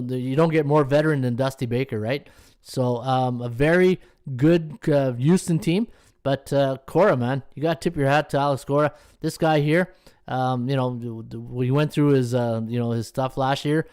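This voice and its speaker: A man's voice: medium pitch, a little mellow, clear, resonant tone, dry recording. A man hosting a sports betting podcast, chatting casually and greeting viewers by name between picks. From Canada. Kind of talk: casual live-stream chat.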